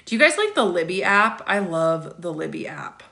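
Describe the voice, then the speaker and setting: A woman's voice: fairly low pitch, sing-song, normal speed, gravelly, sharp tone. A woman in her thirties hosting a casual livestream, reading viewer comments aloud and answering them with chatty asides and frequent laughs. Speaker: livestream host.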